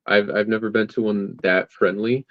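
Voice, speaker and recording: A man's voice: on the low side, fairly even intonation, normal speed, dry recording, muffled recording. A man, a comic creator guest, chatting casually and hesitantly, often restarting his sentences. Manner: hesitant, many fillers and restarts. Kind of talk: casual interview chat.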